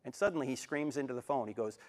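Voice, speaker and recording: A man in his sixties giving a live lecture in a university auditorium, an animated storyteller who acts out quotes and jokes. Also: mid-range voice, fast. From New Jersey, USA. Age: 60s. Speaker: Christian apologetics speaker.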